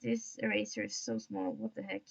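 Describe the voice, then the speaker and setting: A woman's voice: medium pitch, flat delivery, moderate pace, vocal fry, husky, muffled recording. A young woman streaming while she draws, chatting to herself in a self-mocking way and remarking on her own odd tone of voice. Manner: admits to an odd put-on tone today. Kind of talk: casual livestream chat while drawing.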